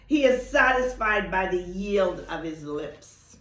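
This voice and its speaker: A woman giving a spiritual teaching talk, whose first language is Thai, speaking emphatically, slowing down on key words and laughing often. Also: on the low side, animated, a bit bright. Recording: roomy echo.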